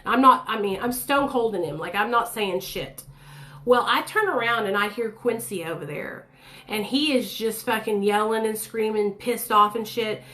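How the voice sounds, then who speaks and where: A woman in her thirties tells her own story bluntly and profanely in casual, animated speech, acting out other people's voices. Her voice is medium-pitched, at a moderate pace.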